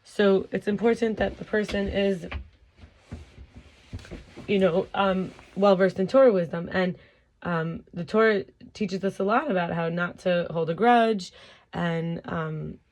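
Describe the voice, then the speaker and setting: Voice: mid-range voice, measured pace, darkish tone. A self-help teacher giving a casual teaching talk who sounds tired and keeps yawning. They talk informally, with fillers and restarts.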